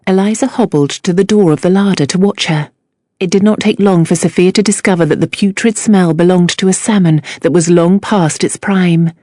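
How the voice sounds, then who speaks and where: Low-voiced woman reading a novel. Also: moderate pace, dark tone, no echo, studio quality. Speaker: audiobook narrator. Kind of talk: scripted narration.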